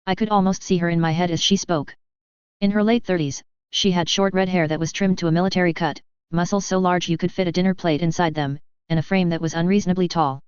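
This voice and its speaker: Low, clear woman narrating a tense story. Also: steady tone, fast, dry recording. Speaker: audiobook reader. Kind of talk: first-person fiction narration. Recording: dry, slightly muffled recording.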